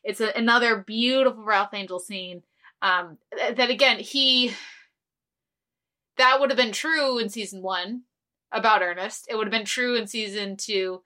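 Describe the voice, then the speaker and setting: A woman's voice: on the high side, moderate pace, pushed and bright. A woman co-hosting a podcast in casual chat, rambling and earnest with lots of fillers and restarts. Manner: earnest, easily moved. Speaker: podcast co-host.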